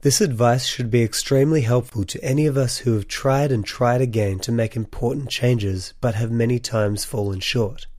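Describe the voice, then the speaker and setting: A man's voice: medium pitch, fairly even intonation, normal speed, few pauses, a little mellow, no room sound, studio quality. A man hosting a solo podcast, speaking earnestly and encouragingly to his listeners in a voice still sick from a cold. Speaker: podcast host.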